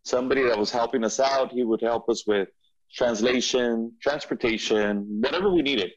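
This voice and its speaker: A man who is a podcast guest, telling a personal story in a relaxed interview with frequent restarts and repeats. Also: mid-range voice, normal speed, muffled recording. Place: studio.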